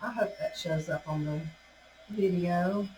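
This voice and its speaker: A woman with a Southern US accent hosts a casual crafting tutorial, chatty and folksy and laughing often. Her fairly low, darkish voice is unhurried, picked up by a roomy, distant mic with faint ambience and a little hiss or hum.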